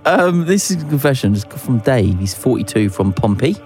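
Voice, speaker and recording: Man, giggly podcast co-host, lively swooping voice, faint music behind. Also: medium pitch, moderate pace. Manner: giggly, animated, laughs through his words. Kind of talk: casual chat, reading listener confessions.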